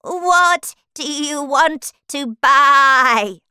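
A bossy old ewe keeps a dark little storybook shop and barks orders slowly, put on by a woman narrator. The voice sits close and dry, drawn out and insistent. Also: high voice, no echo, voice pushed up, full character voice. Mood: hushed. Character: old female sheep shopkeeper, bossy.

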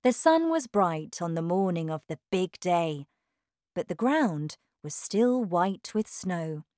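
Slow, careful woman storyteller. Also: on the low side, sing-song, a little mellow, dry recording, studio quality. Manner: careful, clearly paced reading. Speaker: narrator. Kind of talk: slow storybook reading for learners.

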